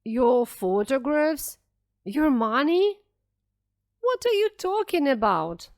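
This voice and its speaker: An indignant, dishonest photographer who shouts and protests, as a woman narrator voices him. The line rises high and sharp. Delivery stays slow and dry. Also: sing-song, heavily acted.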